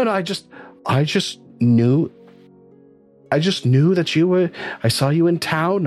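A man voicing a nervous, winded male merchant who is running for office. He speaks in a high, stammering rush. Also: gravelly. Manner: high-pitched, stammering, breathless.

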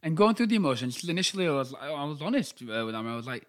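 A man's voice: fairly high pitch, big pitch swings, fast talker, fairly bright tone. A man in his twenties with a Yorkshire accent, co-hosting a casual podcast chat in a camp, sassy way with plenty of swearing. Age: 20s. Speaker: podcast co-host.

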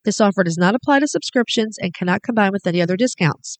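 A woman's voice: medium pitch, animated, fast. Woman co-host explaining at length. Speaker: podcast co-host. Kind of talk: casual chat.

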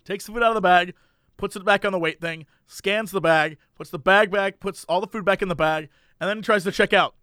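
High-voiced man telling a story. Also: brisk, no echo, clean studio sound. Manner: animated, acts out voices in anecdotes, laughs often. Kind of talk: casual storytelling.

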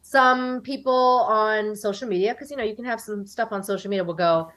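A woman's voice: mid-range voice, fairly quick, fairly bright tone. A woman in her forties from the United States, chatting animatedly as an interview guest and acting out what other people said. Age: 40s. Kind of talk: casual interview chat.

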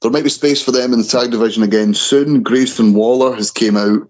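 A man's voice: medium pitch, fairly even intonation, a little fast, darkish tone, low-quality recording. A man hosting a casual wrestling chat podcast, tripping and restarting over names. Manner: stumbles and repeats words on names. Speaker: podcast host.

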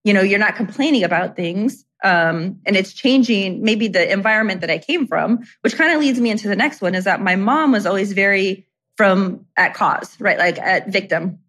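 A woman's voice: medium pitch, moderate pace, a bit bright. A middle-aged woman guest telling personal stories in casual conversation, chatty and full of "like" and "you know".

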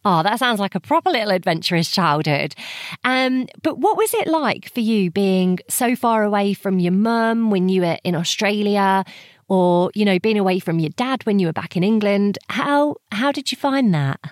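A woman's voice: mid-range voice, animated, normal speed, no room sound, clean studio sound. A woman interviewing a guest, asking friendly, curious questions and laughing along.

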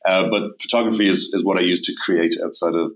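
A middle-aged man with a Dublin Irish accent talks casually as a guest, sitting a bit low in pitch. His voice comes through a dull, lo-fi remote line. He laughs easily and trips over his restarts. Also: steady tone, fast talker. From Ireland. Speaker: guest, tech executive. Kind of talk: casual interview chat.

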